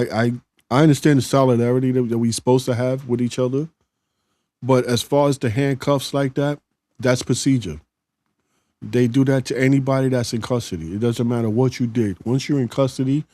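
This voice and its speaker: A man's voice: medium pitch, dark tone, no echo. A middle-aged man hosting a live show, talking in a plainspoken, conversational way with frequent restarts as he reads out viewer comments. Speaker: host reading viewer comments. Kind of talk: casual live-stream chat.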